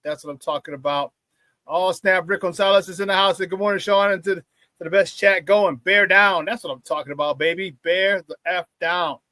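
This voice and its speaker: A man hosting a morning sports talk show, chatting casually with hype-man energy, greeting viewers and shouting out the chat. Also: high-pitched, steady tone, moderate pace, no room sound.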